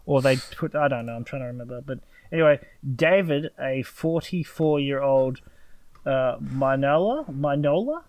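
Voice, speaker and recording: A man co-hosting a casual podcast, reading aloud haltingly, stumbling over words and laughing often. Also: medium pitch, steady tone, a little mellow, no echo. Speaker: podcast co-host.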